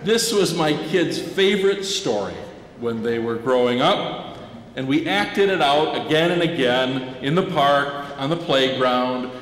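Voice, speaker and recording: A man preaching a sermon as a pastor, telling a children's story in an animated way and drawing the congregation in. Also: medium pitch, unhurried. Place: church sanctuary. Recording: echoey church sanctuary.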